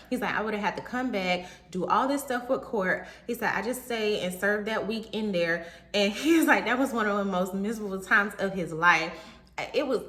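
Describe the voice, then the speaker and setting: Animated woman telling a story, roomy echo. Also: mid-range voice. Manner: animated, talks straight to viewers. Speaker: vlogger. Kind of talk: casual storytelling.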